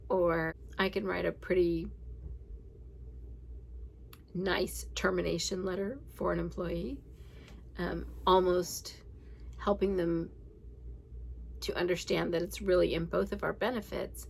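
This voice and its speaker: Forty-something woman hosting a daily reading show, rambly and frank, bit of fry in her voice. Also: fairly low pitch, flat delivery, takes it slowly, pauses often, slight background noise, poor audio. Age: 40s. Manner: candid, rambling, laughs and swears. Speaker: podcast host reading a daily book. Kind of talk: casual reflective reading and chat.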